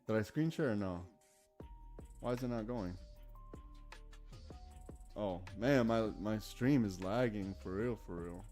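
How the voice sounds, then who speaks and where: A man hosting a live trading stream, talking casually and excitedly, often restarting his sentences. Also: on the low side, unhurried, long pauses, soft background music. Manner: enthusiastic, rambling, self-correcting. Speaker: day-trading livestream host.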